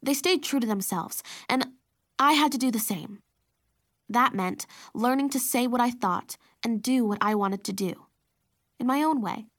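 A woman narrating a children's story in the first person, reflective and expressive. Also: fairly high pitch, a little slow. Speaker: audiobook narrator.

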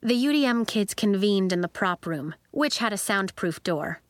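A woman narrating a children's story in an expressive storytelling manner. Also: medium pitch, normal speed, no room sound. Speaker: audiobook narrator.

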